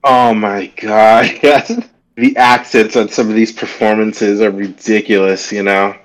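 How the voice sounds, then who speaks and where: Laid-back, low-voiced podcast co-host man. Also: little pitch movement, a little slow, rough recording. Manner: laid-back, filler-heavy, swears casually. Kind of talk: casual podcast chat.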